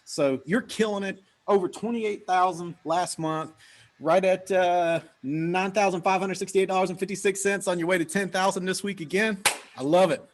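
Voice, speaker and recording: A man hosts a company team call over video, his voice sitting a bit on the higher side. He talks with steady energy, cheering people on and calling out their names. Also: moderate pace, a little hiss or hum. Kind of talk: upbeat motivational team call.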